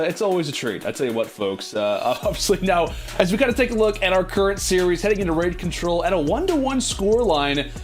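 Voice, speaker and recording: A man casting a live esports match, chatty and full of fillers as he breaks down the series. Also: sits high. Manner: chatty, filler-heavy, builds excitement. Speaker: esports caster. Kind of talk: live esports play-by-play and analysis.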